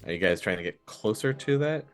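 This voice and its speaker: Deep-voiced male game master. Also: fairly quick, soft background music. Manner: relaxed, laughs often. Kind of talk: narrating a tabletop game.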